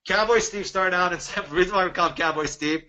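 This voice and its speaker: A man from Dallas presenting a sales webinar, energetic and persuasive, firing off rhetorical questions. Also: high-pitched, brisk, rough recording. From Dallas, Texas.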